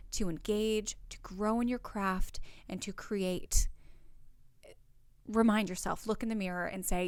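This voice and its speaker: A woman's voice: medium pitch, dry recording. A woman acting coach giving spoken tips for a workshop in an encouraging, conversational way, with fillers.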